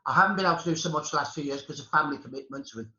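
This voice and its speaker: A man's voice: a little high, very fast, pushed and bright. A middle-aged man with a Brummie accent, talking passionately and emphatically in a conversational discussion, repeating points for emphasis. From England. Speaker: historian guest. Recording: lo-fi with a roomy echo.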